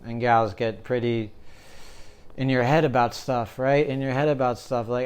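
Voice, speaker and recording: A man's voice: medium pitch, fairly even intonation, moderate pace, darkish tone, clear, resonant tone. A young man giving a casual tarot reading, joking and rambling, often checking in with "right?". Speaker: tarot reader.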